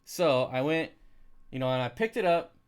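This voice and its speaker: A man's voice: fairly high pitch, lively intonation, moderate pace, clean tone. A man hosting a live stream, chatting casually and rambling through anecdotes with frequent restarts. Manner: rambling storyteller, many restarts and laughs. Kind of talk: casual chat.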